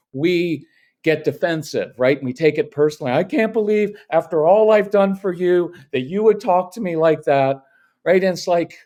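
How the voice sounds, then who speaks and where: A middle-aged man, a parenting coach talking as a podcast guest, firm and even, acting out little quotes of parents and kids. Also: on the high side. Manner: firm, matter-of-fact, acts out quotes. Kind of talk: podcast interview.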